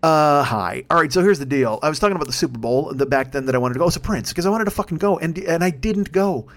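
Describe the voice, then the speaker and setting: A man's voice: fairly high pitch, lively intonation, quick pace. A man hosting a podcast on his own, rambling in a profane, self-deprecating monologue full of restarts. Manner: frequent restarts and stammers. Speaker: podcast host. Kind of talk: casual solo monologue.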